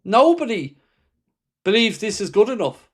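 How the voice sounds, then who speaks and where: Impassioned and blunt, the football fan host swears freely as he reads viewer comments aloud on his livestream and answers them. His high-pitched voice swings widely in pitch while he keeps a normal speed.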